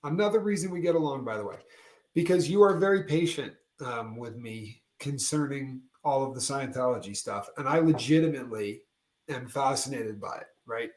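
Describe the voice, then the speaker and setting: A podcast co-host in a roomy, echoey space chats casually, telling stories in an animated way and laughing often. His voice is medium-pitched and his pace moderate.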